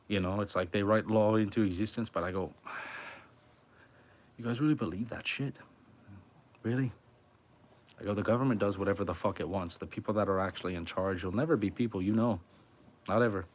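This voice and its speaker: A man musician chatting casually on a livestream from his home, rambling and swearing a lot. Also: sits low. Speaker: musician streamer.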